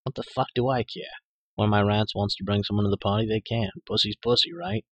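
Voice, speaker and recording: A man's voice: on the low side, animated, a little fast, breathy edge, dry recording. A man reading an audiobook, voicing a vicious, crude male were-rat boss with a snarling, sneering delivery.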